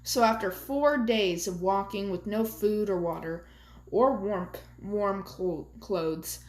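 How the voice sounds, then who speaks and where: A woman reading a fan-made story aloud in a halting way, often stopping to correct herself. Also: medium pitch. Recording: roomy echo.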